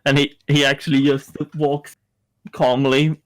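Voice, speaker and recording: A man's voice: medium pitch, little pitch movement. A man playing a tabletop game, describing his character's actions in third person. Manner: slow casual talk, speaks for his character in third person. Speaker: player.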